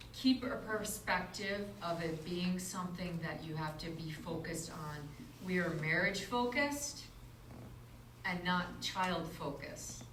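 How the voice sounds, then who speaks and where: A woman's voice: fairly low pitch, a bit bright, recorded from a distance, a little hiss or hum. Woman lecturing in an echoey classroom. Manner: explanatory, asks the class questions. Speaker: instructor. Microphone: far room mic.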